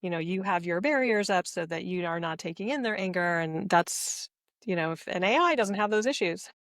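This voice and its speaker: Measured woman podcast guest. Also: on the low side, expressive, fairly bright tone, no echo, studio quality. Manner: measured, thoughtful, slows to choose words. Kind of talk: casual podcast conversation.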